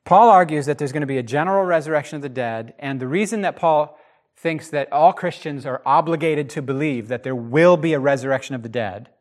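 Man, fairly high voice, emphatic Bible teacher, casual podcast chat. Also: fairly quick. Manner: animated and emphatic, with frequent restarts.

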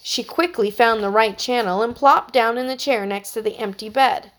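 A woman narrating a children's story with a steady, expressive reading. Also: a little high, normal speed.

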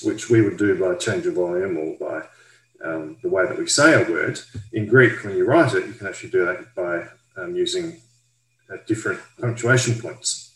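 A man talks through a Bible passage in a measured, careful teaching manner. His voice sits low. The sound rings a little off the walls of an echoey room. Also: a bit bright. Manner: measured, careful, explaining step by step. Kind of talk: explanatory Bible study talk.

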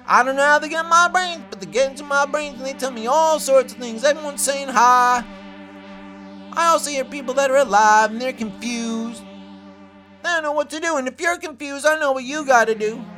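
A woman host gives a rambling comic monologue. Her voice sits high and sounds bright and sharp. She keeps repeating herself, excitable and off on tangents. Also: a little fast, soft background music. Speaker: host of her own show. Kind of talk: comedic ranting monologue.

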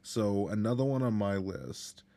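Male podcast co-host, animated pitch, easygoing and casual, swears and quotes films. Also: unhurried, a crowd in the background. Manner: laughs often, swears, quotes movie lines. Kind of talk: casual movie chat.

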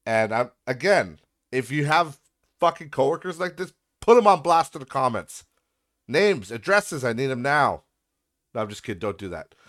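A man's voice: medium pitch, big pitch swings, normal speed, fairly bright tone. A young man hosting a podcast, ranting in a frustrated, profane way about a messy workplace. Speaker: podcast host. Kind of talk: casual venting monologue.

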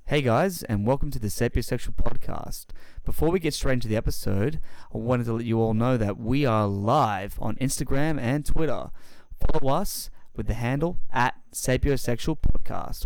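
A man's voice: mid-range voice, gravelly, darkish tone, no echo, low-quality recording. A man hosting a podcast, with brash, swearing banter. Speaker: podcast host. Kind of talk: casual chat.

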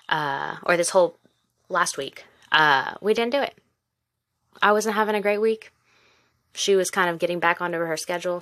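A woman's voice: on the low side, sharp tone, dry recording. A woman in her twenties hosting a casual solo podcast, talking candidly and encouragingly straight to the listener. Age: 20s. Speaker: podcast host; mother and former teacher.

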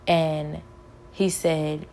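Low gravelly woman giving earnest testimony. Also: flat delivery, drawn-out words, a little mellow, a little hiss or hum. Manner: earnest, emotional, repeats herself. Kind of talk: personal spiritual testimony.

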